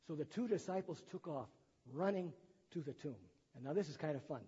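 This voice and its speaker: A male pastor with a somewhat high, mellow, slightly rough voice speaks briskly through his sermon. In a church sanctuary he reads the gospel and restates it in plain words, sprinkling in chatty asides, and the sound is dull within a long-echo hall.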